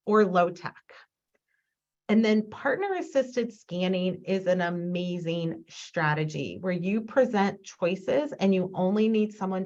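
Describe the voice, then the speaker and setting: A woman giving a conference presentation as a speech therapist, acting out sample prompts to a client as she explains. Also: mid-range voice. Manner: demonstrating with acted-out prompts to a client. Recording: dull lo-fi recording.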